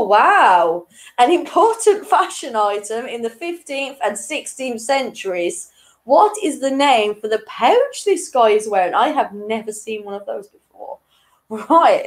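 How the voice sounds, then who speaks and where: A woman's voice: medium pitch, low-quality recording. A young woman hosting an online quiz in a chatty, casual way, chuckling between questions. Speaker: quiz host.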